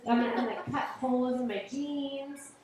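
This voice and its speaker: A woman's voice: sits high, steady tone, brisk, a little mellow, recorded from a distance, a little hiss or hum. A woman in her late thirties doing a live stand-up set on stage, chatty and self-deprecating with lots of fillers and asides. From Boston area. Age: late 30s. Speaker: stand-up comedian. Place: comedy club stage. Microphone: stage microphone. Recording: roomy live-stream audio from afar.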